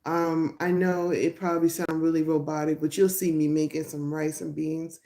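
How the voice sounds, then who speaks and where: A woman's voice: sits low, flat delivery, normal speed, mellow. A middle-aged woman hosting a casual live stream on her phone, chatting loosely with viewers and laughing often. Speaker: livestream host. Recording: roomy echo.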